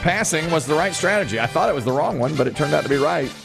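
A man's voice: on the high side, animated, fast talker, gravelly, loud music behind the voice. A man hosting a game show, reading out answers and chatting with the contestants. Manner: upbeat, chatty, reads clues aloud.

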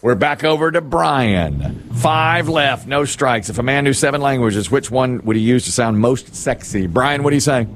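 A man's voice: medium pitch, animated, normal speed, noisy background. A man hosting a radio quiz game, rereading the question and joking with the panel. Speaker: radio game show host.

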